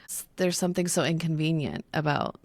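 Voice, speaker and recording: A woman co-host talks openly and confidingly in a very low, gravelly voice. She swears now and then. The sound is dry, close to the mic. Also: fairly quick, a little mellow, dry recording. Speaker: podcast co-host. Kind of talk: casual conversation.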